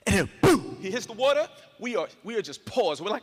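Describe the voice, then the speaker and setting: A man giving an animated motivational speech to an audience, acting out the voices in his story and calling the crowd y'all. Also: high voice, racing, hardly any pauses, long reverb tail. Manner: dramatic, acts out voices and screams, addresses crowd as y'all. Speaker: motivational speaker. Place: large hall in front of an audience.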